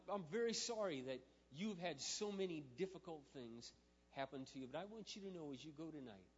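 A male pastor telling a story in a sermon, moving from quiet, intimate storytelling to loud, emphatic preaching. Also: medium pitch, slight background noise. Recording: muffled sound with long hall reverb.

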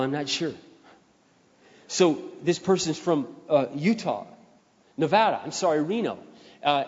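Male pastor, slightly high voice, preaching with emphatic repeats; dull recording with long hall echo. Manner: emphatic repetition, swelling louder on key phrases. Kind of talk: sermon.

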